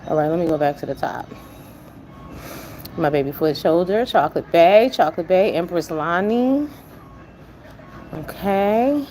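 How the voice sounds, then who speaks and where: A woman's voice: lowish voice, lively intonation, unhurried, pauses often, warm tone, poor audio. A woman hosting a casual live stream from her car, chatting bluntly with profanity and greeting viewers by name. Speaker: livestream host. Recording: car noise in background.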